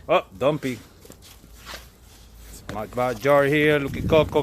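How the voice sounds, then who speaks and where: A man in a snowy backyard, talking slowly and fondly to his dogs as he films them, with dogs playing in the background. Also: a little high, expressive. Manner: slow, fond, talks to his dogs. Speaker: dog owner filming his dogs. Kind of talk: casual handheld commentary.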